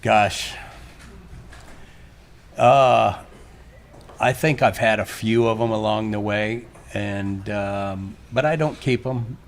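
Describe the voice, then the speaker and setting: An older man, a painter, rambling and halting through a casual interview in a gallery. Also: fairly low pitch. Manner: rambling, halting, restarts often. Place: art gallery during a live event.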